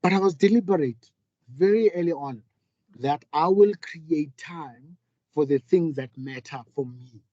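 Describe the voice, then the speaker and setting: A man's voice: on the high side, measured pace, warm tone, dry recording, dull audio. A middle-aged man, giving a candid, earnest talk as a panel speaker and telling a personal story with frequent restarts. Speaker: panel speaker, business leader. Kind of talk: reflective public talk.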